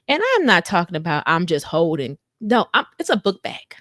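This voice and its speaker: Animated woman telling a story. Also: normal speed, few pauses, dry recording, studio quality. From United States. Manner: animated, slangy, acts out quotes with big pitch jumps. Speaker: podcast co-host. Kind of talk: casual storytelling chat.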